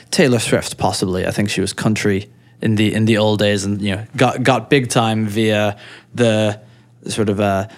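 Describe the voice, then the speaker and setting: A man with an Irish accent co-hosting a podcast in casual chat, often restarting and repeating words as he thinks, with a dry teasing humor. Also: fairly low pitch. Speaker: podcast co-host.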